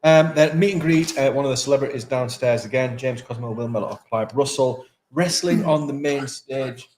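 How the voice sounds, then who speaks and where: A man's voice: medium pitch, normal speed, darkish tone, a little hiss or hum. A man co-hosting a live stream from a town event, chatting casually and running through the schedule. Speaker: co-host of a live local stream.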